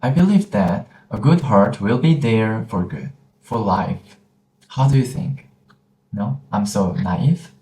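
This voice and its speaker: Slow, patient man teaching pronunciation. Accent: Korean. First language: Korean. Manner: gentle, repeats each sound slowly, lively pitch. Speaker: Korean language teacher. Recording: roomy echoey room.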